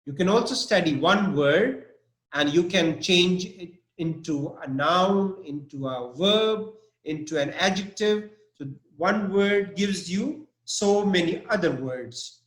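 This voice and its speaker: Slow, echoey male English teacher. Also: sits high, animated, fairly bright tone. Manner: slow and deliberate, often checking in with "okay?". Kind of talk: live online vocabulary lesson. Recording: echoey room.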